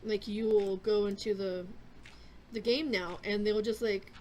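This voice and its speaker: A woman's voice: medium pitch, fairly even intonation, a little slow, a little mellow, a little hiss or hum. A young adult woman hosting a gaming vlog, chatting casually in a rambling way with many fillers and restarts. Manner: chewing a cough drop. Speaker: gaming channel host.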